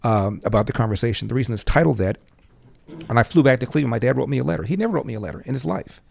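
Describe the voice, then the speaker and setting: An older man, a podcast guest, telling a personal story in an animated way and acting out the voices of the people in it. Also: mid-range voice, racing, creaky, no echo. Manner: animated storyteller who acts out quoted dialogue. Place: podcast studio.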